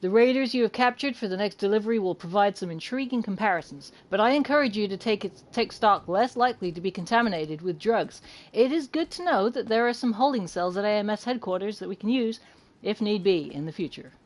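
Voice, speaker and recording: Put-on American accent, British woman doing a stiff formal reading of a letter, mid pitch. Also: animated, brisk, few pauses, close to an everyday voice. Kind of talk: reading game text aloud in a put-on accent.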